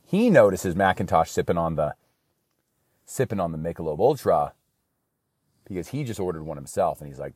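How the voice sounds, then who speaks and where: A man's voice: low-pitched, very animated, normal speed, pauses often, darkish tone, breathy edge, no room sound. A man talking in a rambling, slangy casual monologue in a studio, saying bro a lot.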